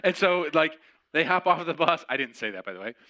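Guy preaching on his podcast, tells a story, bright voice, does all the voices. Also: fairly high pitch, brisk. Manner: animated, acts out quoted voices. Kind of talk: storytelling sermon.

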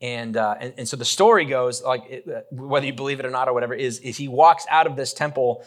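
A man's voice: medium pitch, quick pace. Male pastor, mid-range voice, loose and chatty sermon delivery with jokes and frequent restarts. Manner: casual, joking, many fillers and restarts. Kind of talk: conversational sermon.

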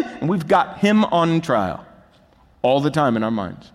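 Male pastor, lively pitch swings, emphatic preaching; long hall reverb. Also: unhurried. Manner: emphatic preaching, building to rising, urgent peaks. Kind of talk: sermon.

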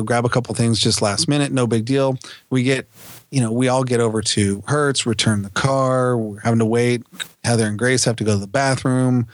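A man's voice: mid-range voice, no echo. A man co-hosting a podcast, telling a casual story with lots of laughs and acted-out lines from his family. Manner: animated, laughs often, acts out family members' lines. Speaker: podcast co-host.

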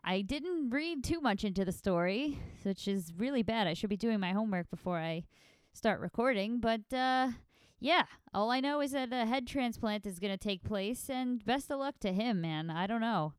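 A woman's voice: a little high, expressive, moderate pace, clean tone, dry recording, clean studio sound. A woman hosting a casual solo podcast, sounding nasal from allergies, rambling in a chatty, self-deprecating way. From New York. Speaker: podcast host.

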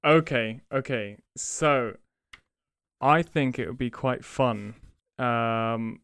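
Slow, smooth-voiced man explaining. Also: mid-range voice, fairly bright tone, no echo, clean studio sound. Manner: slow and deliberate, many ums while explaining. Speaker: podcast co-host. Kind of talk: casual chat.

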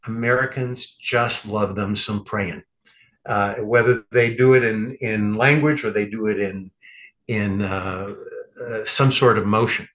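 A man's voice: fairly low pitch, steady tone, measured pace, a bit bright, lo-fi sound. A man who is a rabbi, a guest on a podcast, telling stories in a wry, conversational way and acting out quoted lines. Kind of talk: conversational storytelling.

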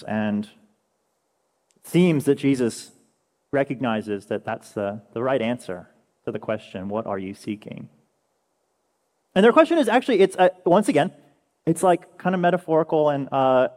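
A young man preaching a conversational sermon as a pastor, telling stories with animated energy. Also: medium pitch. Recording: echoey hall with long reverb.

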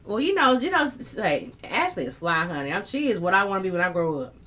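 A woman with a bright, forceful voice hosts a live talk stream and reads comments from viewers. She talks candidly and emotionally, with plenty of swearing. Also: medium pitch, very animated, fast. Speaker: host of a live talk show. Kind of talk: casual live-stream chat reading comments.

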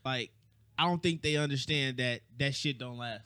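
A man's voice: medium pitch, normal speed, bright, forceful tone, dry recording, studio quality. A man co-hosting a casual podcast chat, joking around in a playful manner. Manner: playful, jokey, puts on silly voices. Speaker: podcast co-host.

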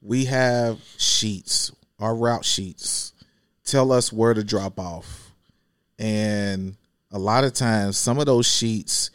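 A man who drives a school bus, chatting casually on a podcast and acting out scenes with quick voiced asides. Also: lowish voice, dry recording. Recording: dry close mic.

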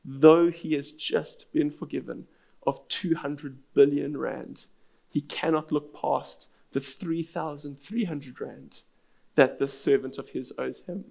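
Gravelly man preaching a sermon. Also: on the high side, fairly even intonation, slow, a little mellow. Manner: earnest storytelling preaching. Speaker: pastor.

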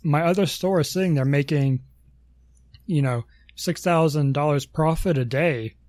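A man's voice: fairly high pitch, normal speed, darkish tone, no echo. A man co-hosting a casual podcast, rambling through long explanations with lots of ums and self-corrections. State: has the hiccups. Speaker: podcast co-host.

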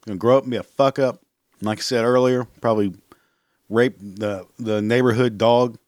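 A man's voice: medium pitch, steady tone, moderate pace, a little mellow, no echo, studio quality. A man hosting a podcast, ranting casually and bluntly, swearing freely and laughing at his own jokes. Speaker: podcast host. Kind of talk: casual solo rant.

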